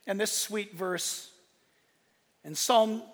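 A middle-aged man preaching a sermon as a pastor, moving between loud, fervent exclamations and hushed storytelling. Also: high voice, very slow. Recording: long hall reverb.

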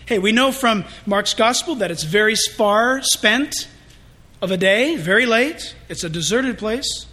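A male pastor preaching a sermon in an animated, joking and confessional way. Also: high-pitched, a little slow.

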